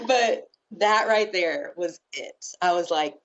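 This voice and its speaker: A woman's voice: mid-range voice, takes it slowly, dull audio, a little hiss or hum. A woman guest on a podcast, telling a heartfelt story in casual conversation and acting out what people said. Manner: emotional, animated storyteller who acts out quoted talk. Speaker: podcast guest, nonprofit founder.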